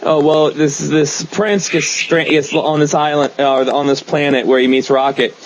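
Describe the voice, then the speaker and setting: A man's voice: a little high, fairly even intonation, moderate pace. A man hosting a casual comic-book podcast, rambling enthusiastically with many fillers. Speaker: podcast host. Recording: dull lo-fi podcast recording.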